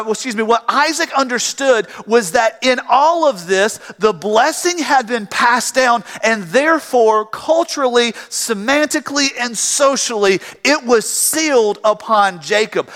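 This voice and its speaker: A man preaches with a high, bright voice that rings out. His sermon mixes scripture readings with spoken retellings, and the sound carries a long hall reverb behind him. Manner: preaching, reads scripture aloud and voices pleading characters. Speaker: pastor.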